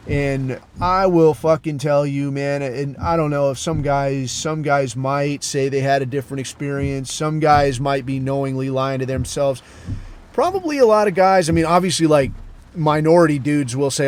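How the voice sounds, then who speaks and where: A middle-aged man talks in a blunt, swear-heavy monologue, rough and unpolished, often turning questions back on himself. His voice sits a little higher than most men's. Faint traffic and street noise hum behind him. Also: a little fast, darkish tone. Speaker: podcast host. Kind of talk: profane casual monologue.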